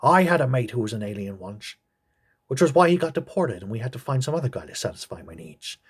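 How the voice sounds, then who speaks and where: A man hosting a comedic TV review, mocking the episode with crude, deadpan jokes. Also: mid-range voice, fast talker, husky.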